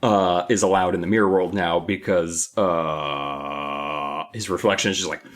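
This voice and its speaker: A man's voice: deep voice, a little fast. A man co-hosting a podcast, casually discussing a book and acting out the characters' lines. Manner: animated, acts out characters' lines. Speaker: podcast co-host.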